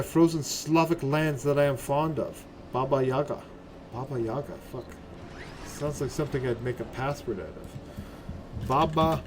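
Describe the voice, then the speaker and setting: Excitable cursing man streaming a game. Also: a little high, a little hiss or hum. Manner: profane, excitable, talks to chat, keeps asking "right?". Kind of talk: casual live game commentary.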